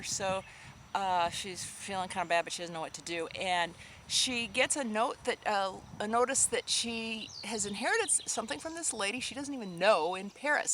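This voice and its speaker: A woman's voice: on the high side, bright, forceful tone, a little hiss or hum. A sad, subdued woman vlogger chatting casually to her viewers, rambling and emotional, with sighs and restarts. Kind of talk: casual chat to camera.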